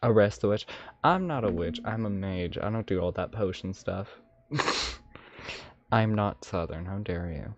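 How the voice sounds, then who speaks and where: A man's voice: low voice, lively intonation, measured pace, long pauses, noisy background. A man doing a lisping, ancient dragon mage. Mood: playful. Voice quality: lisp, odd put-on dragonish accent. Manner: rambling, playful, self-amused asides. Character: ancient male dragon mage, smug and mischievous. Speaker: streamer. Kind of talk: in-character live stream chat. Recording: slightly dull stream audio, faint music.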